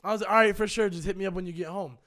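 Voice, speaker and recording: A man's voice: high voice, steady tone, racing, a bit bright. A young man in his twenties, a streamer casually telling a story with lots of swearing and acting out both sides of the phone calls.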